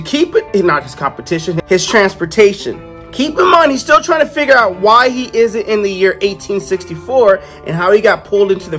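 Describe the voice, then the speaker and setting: High-voiced chatty male comic reviewer. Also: a bit bright. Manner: chatty, rambling asides, many fillers. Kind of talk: casual video review narration.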